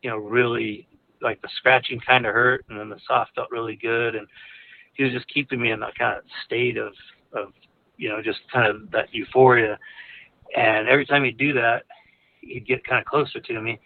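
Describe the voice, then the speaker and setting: A man's voice: medium pitch, fairly even intonation, moderate pace, vocal fry, a little hiss or hum. A man casually telling a personal story, rambling with lots of fillers and restarts. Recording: narrow phone-like audio.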